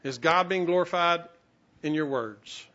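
Man, pastor, sermon storytelling, bright tone, muffled recording. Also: on the high side, a little slow. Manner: storytelling with self-mocking humor and quoted voices.

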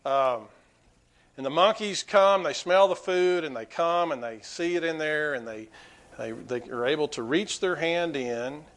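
A man preaching a sermon to his congregation, swinging between quiet asides and loud, emphatic peaks. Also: a little high, unhurried. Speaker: pastor.

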